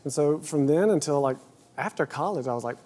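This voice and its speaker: Polite man, lively voice. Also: fairly high pitch, a little fast, heavy background noise. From Georgia, USA. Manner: polite, earnest, says yes sir. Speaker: talk show guest. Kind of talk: comedic anecdotes. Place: TV studio.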